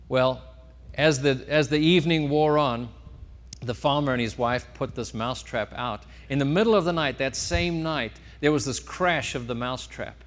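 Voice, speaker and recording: A male pastor delivers a sermon in a mid-range voice, swinging between loud, emphatic lines and quieter ones as he tells a story. His voice rings out with the long reverb of a church hall. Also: medium pitch, moderate pace. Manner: storytelling, lively rises and drops in loudness.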